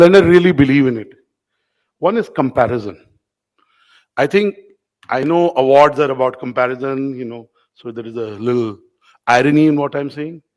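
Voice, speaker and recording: Man, middle-aged, conversational keynote speaker, mid pitch. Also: rough recording. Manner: conversational, anecdotal, addresses audience members by name. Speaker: media company owner addressing award winners. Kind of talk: informal keynote speech. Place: event hall.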